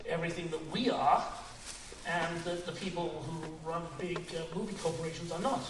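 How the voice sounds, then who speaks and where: A man in his sixties, a guest filmmaker in a live on-stage conversation, who talks earnestly with many halting restarts. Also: fairly high pitch, steady tone. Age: 60s. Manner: earnest and reflective, with bursts of laughter. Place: cinema auditorium in front of an audience. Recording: echoey, noisy room, picked up from a distance.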